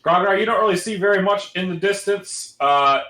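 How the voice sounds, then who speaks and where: A man's voice: sits high, a little fast, pushed and bright, echoey room, slight background noise, rough recording. A man narrating as game master in a loose, casual way, full of fillers.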